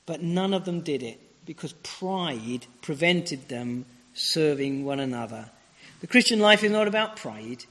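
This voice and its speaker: A man preaching a sermon with emphatic, repeated phrases and sharp rises and falls. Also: fairly high pitch, lively intonation, a little slow, in a large hall.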